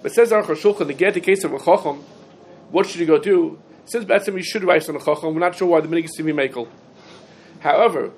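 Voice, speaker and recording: Teacher lecturing in a sing-song cadence. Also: male voice, a little high, a little hiss or hum. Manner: sing-song learning cadence, stops to field students' questions. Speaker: Talmud teacher giving a class. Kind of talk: yeshiva-style halacha lecture.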